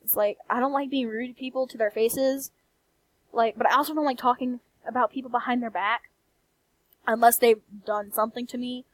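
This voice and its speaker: A young woman with a country accent, ranting in a soft-spoken late-night vlog, candid and blunt with frequent swearing. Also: on the high side, dry recording, low-quality recording. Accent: American country. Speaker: vlogger. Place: quiet room late at night.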